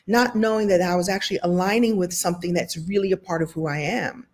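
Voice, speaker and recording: A woman from Brooklyn hosting a motivational talk, telling a personal story in an animated, self-deprecating way. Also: medium pitch, normal speed. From Brooklyn, New York. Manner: animated, self-deprecating, shifting pace and loudness. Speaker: host and motivational speaker.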